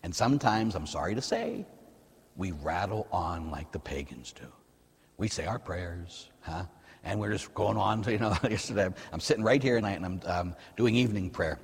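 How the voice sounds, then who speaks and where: Middle-aged American priest, husky, lively, sermon with a long church echo. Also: male voice, deep voice, moderate pace. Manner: lively, conversational preaching, asks the audience "huh?".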